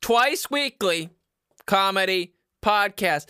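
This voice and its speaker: A man hosting a comedy podcast, ranting in a loud, high-energy, profane and sarcastic way, with self-mockery. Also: animated, normal speed, clear, resonant tone, no room sound, studio quality.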